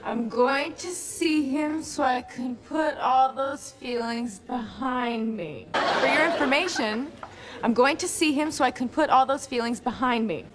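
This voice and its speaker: A woman's voice: high voice, unhurried, a crowd in the background. An actress playing a young woman in a sitcom, defensively explaining herself. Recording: sitcom clip with loud laugh track.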